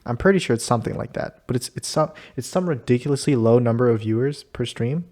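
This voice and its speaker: A man's voice: mid-range voice, quick pace, a little mellow. A man hosting a casual chat with a friend, easygoing and laughing often. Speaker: host.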